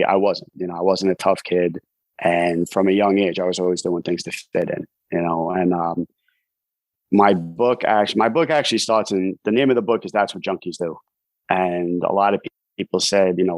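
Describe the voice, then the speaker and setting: A man's voice: low voice, no room sound. A man with a New York accent, a podcast guest telling his life story in a casual, rambling way with many "you know" fillers. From Brooklyn, New York. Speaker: podcast guest, author in recovery.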